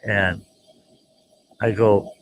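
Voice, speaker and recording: A man telling a folksy, animated story as the host of his own show, jumping into voices for the people he quotes. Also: lowish voice, extremely slow, highs cut off, noisy background. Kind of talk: casual spoken storytelling.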